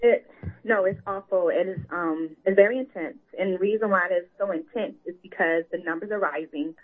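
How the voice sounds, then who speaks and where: A woman guest speaks earnestly and from the heart, in loose conversational phrases. Her voice is husky and slightly raspy. She comes through a thin, tinny phone line. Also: on the low side, a little fast. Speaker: author and victim advocate. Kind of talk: guest interview.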